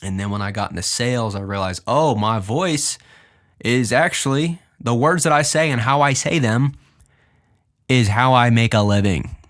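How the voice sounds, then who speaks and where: A young man hosting a podcast, casually explaining his music and deliberately moving his pitch up and down as he talks. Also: fairly bright tone. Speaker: podcast host and music producer.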